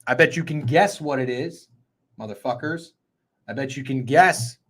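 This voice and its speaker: Excitable, foul-mouthed man hosting a betting show. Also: medium pitch, moderate pace. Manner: excitable, profane and rambling. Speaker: sports betting show host. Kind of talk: casual sports betting chat.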